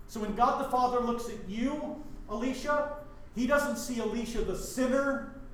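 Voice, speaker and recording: A middle-aged Wyoming pastor teaches a Bible study in a church, animated and constantly posing questions to his listeners. His voice is fairly high for a man and moves at normal speed, with a clear room echo and slight background noise.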